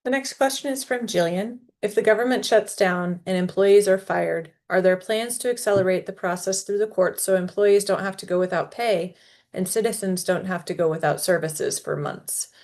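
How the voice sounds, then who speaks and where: A woman moderating a virtual town hall, reading audience questions aloud in a plain, steady way. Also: mid-range voice, moderate pace.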